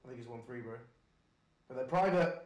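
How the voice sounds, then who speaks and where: A man's voice: mid-range voice, lively intonation, brisk, darkish tone. A man co-hosting a casual livestream, teasing and joking with his friend. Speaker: livestream co-host. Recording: echoey room with faint background noise.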